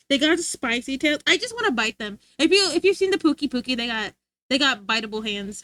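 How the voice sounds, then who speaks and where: A woman's voice: high voice, sing-song, a little fast, bright, forceful tone, dry recording. A young adult woman livestreamer chatting casually, rambling and giggling as she reads chat aloud. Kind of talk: casual live-stream chat.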